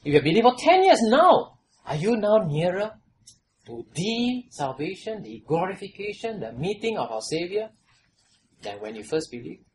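A pastor preaching a sermon, repeating phrases and putting questions to the congregation, rising to loud exhortation and falling to hushed trailing lows. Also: big pitch swings, moderate pace, slight background noise, poor audio.

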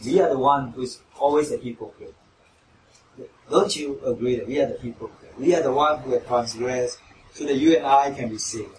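Recorded from far off in a reverberant church hall, this pastor's sermon moves briskly. He questions his listeners and lifts his voice to quote mockers. His voice is medium-pitched, and a slight hiss or hum is audible.

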